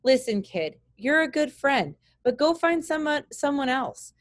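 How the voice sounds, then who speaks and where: Woman reading as a gruff grown man pilot, short grudging lines, dry mic, storybook. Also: sits high, big pitch swings, a little slow, no echo, voice pushed up. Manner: curt, grudging replies.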